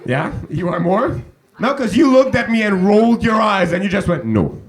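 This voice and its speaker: A man's voice: sits high, normal speed. A man doing stand-up crowd work on a comedy club stage, teasing the audience with chatty questions into a handheld mic.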